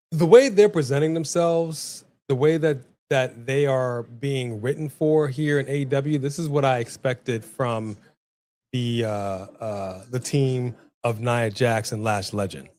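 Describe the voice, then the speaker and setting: Man, mid-pitch, chatty livestream co-host. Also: a little slow. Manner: chatty, animated, addresses the chat. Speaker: co-host of a wrestling watch-along. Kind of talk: casual live-stream chat.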